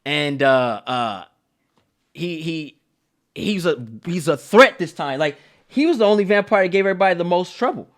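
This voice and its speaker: A man hosting a casual movie review chat, telling scenes in an animated way with heavy slang. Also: on the high side, moderate pace. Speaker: channel host.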